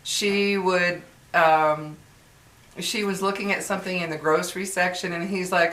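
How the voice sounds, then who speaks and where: A woman's voice: lowish voice, fairly even intonation, a little slow, a bit bright. Exasperated woman vlogger, echoey room. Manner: chatty, exasperated, many fillers and restarts. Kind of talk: casual venting monologue.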